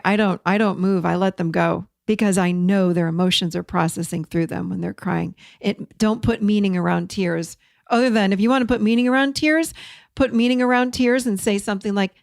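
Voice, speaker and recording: A middle-aged woman hosting an encouraging self-help talk, direct and warm, repeating words for emphasis. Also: medium pitch, vocal fry, no echo, studio quality. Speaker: host.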